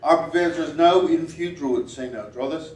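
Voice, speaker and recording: A man with a fairly high voice runs a playful stage act, teasing volunteers and repeating short commands in a steady rhythm. His voice rings through a large, echoing hall. The mic catches him from some way off. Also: quick pace. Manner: playful, teasing, wry asides. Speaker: stage performer reading body language. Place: event hall at a gala. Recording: roomy hall, voice picked up from a distance.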